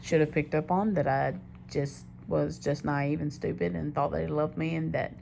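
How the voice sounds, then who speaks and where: A young woman with a notably low voice tells a personal story straight to the camera. She rambles candidly and keeps doubling back mid-sentence, with a faint hiss under her voice. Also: steady tone, moderate pace, vocal fry, darkish tone. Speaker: diary vlogger. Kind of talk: confessional storytelling monologue.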